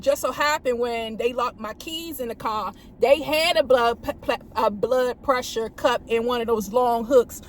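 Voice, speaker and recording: A woman with a high voice tells stories from her police work in a loose, casual way. She acts out radio calls and lifts her voice for them. She speaks from a parked car. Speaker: police officer vlogger. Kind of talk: casual storytelling.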